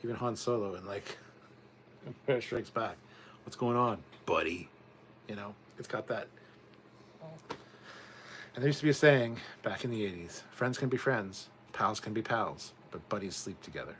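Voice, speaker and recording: Low-voiced man chatting on a livestream. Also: unhurried, pauses often, a little hiss or hum. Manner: chatty, rambling, reads viewer comments aloud; swears casually. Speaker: livestream host reading chat. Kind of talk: casual livestream chat.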